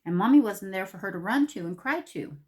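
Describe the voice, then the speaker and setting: A woman's voice: medium pitch, lively intonation, a little fast, darkish tone. A middle-aged woman telling a rambling, conversational story to camera in a casual vlog. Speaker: beauty vlogger.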